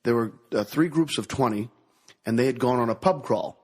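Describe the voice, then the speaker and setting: A man from Missouri, a guest on a podcast, telling excitable, rambling anecdotes in casual chat. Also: mid-range voice, normal speed, breathy edge. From Missouri, USA.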